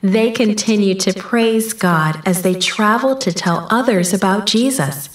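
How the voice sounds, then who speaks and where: A woman reading a Bible story aloud in a church, in a measured storybook manner, lifting her voice for the quoted lines. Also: medium pitch, soft background music. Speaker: children's story reader. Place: church sanctuary. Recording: roomy, from a distant mic.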